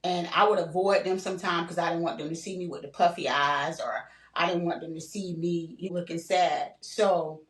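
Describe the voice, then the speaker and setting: An older woman with a lowish voice tells her story in an earnest, conversational way, circling back and repeating herself. She sounds a little far from the microphone in a roomy, echoey space. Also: steady tone, normal speed, hardly any pauses. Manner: earnest, repetitive storytelling with "you know, like". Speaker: guest sharing her story. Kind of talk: candid podcast conversation. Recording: roomy, distant mic.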